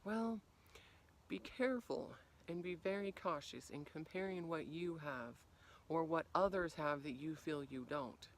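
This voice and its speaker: A woman life coach speaks to camera outdoors on a freezing day. She talks with animated energy and plays out little scenes with sudden leaps in pitch and loudness. On her reflective points she turns soft and quiet. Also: measured pace, a little hiss or hum. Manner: animated, acts out quoted reactions with big swings in pitch and volume. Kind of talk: motivational talk to camera.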